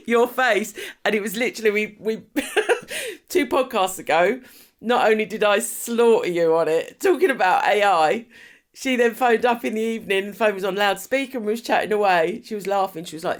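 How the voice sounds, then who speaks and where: A woman's voice: mid-range voice, lively intonation, moderate pace. A middle-aged woman co-hosting a podcast in casual chat, teasing and laughing often. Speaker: podcast co-host.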